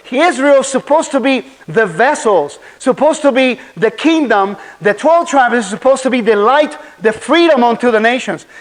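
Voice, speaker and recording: Guy preaching at a conference, pretty high voice, lively, keeps asking the crowd stuff. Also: poor audio. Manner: animated preaching, rhetorical questions to the audience. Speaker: conference speaker. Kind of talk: sermon. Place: conference hall.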